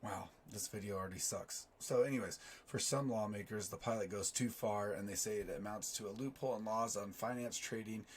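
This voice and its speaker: Hoarse raspy man rambling through news. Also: fairly low pitch. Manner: rambling, self-deprecating asides. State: hoarse, sore throat. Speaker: finance YouTuber. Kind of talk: casual commentary reading news articles.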